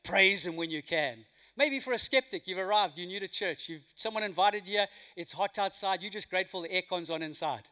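A man delivers a sermon with a high, bright voice. He moves from loud, emphatic lines to near-whispered hush. His telling is animated throughout. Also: fairly quick, hardly any pauses. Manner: animated, swinging from loud emphasis to hushed quiet. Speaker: pastor. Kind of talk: sermon with a told joke. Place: church hall.

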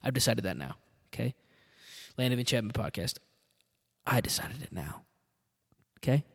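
A man hosting a solo podcast at a mid pitch, rambling and swearing a lot. He riffs loosely and leans on filler words. A long reverb hangs in the room. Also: lively intonation, normal speed, vocal fry, a bit bright, breathy edge. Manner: rambling, profane, with laughs. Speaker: podcast host. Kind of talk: casual solo monologue.

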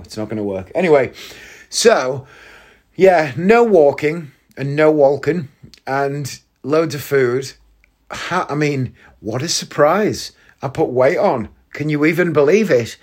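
A man's voice: medium pitch, animated, measured pace, a little mellow. A man hosting a casual solo podcast, chatty and self-mocking, laughing at his own jokes. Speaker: podcast host.

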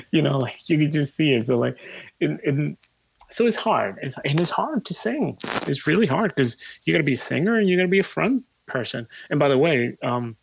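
A musician being interviewed, talking in a loose, rambling way with lots of fillers, swearing and easy laughs. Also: male voice, medium pitch, vocal fry, breathy edge. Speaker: musician guest. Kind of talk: casual conversation.

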